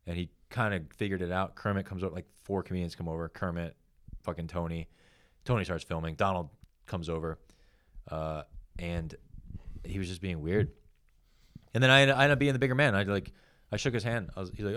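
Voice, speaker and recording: Young man, comedian co-host, fast talker, lowish voice, rambling, swears a lot. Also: fairly even intonation, a bit bright. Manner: rambling, profane storytelling. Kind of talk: casual chat.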